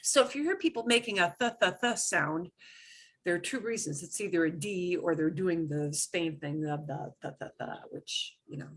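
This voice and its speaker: A woman's voice: on the low side, normal speed, a bit bright. A woman teaching a beginners' Spanish class, explaining pronunciation patiently and repeating words for students to echo.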